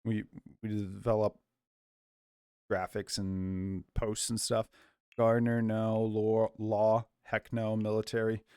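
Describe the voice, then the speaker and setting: A man's voice: lowish voice, little pitch movement, slow pace, warm tone, clean tone, no echo, studio quality. A young man giving rambling let's play commentary from a small home office, chatting to viewers and his dog. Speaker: gaming YouTuber.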